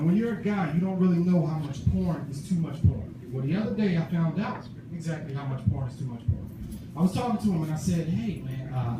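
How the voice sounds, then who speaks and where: A man doing a stand-up comedy set at an open mic, telling animated stories and acting out his friends' voices. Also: on the high side. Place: small comedy club stage. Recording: echoey room, far mic, noisy.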